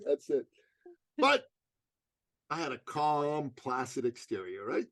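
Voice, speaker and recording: A man's voice: mid-range voice, takes it slowly, no echo. A man being interviewed as a motivational coach, telling stories casually and acting out what people said. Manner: animated storyteller, acts out quotes.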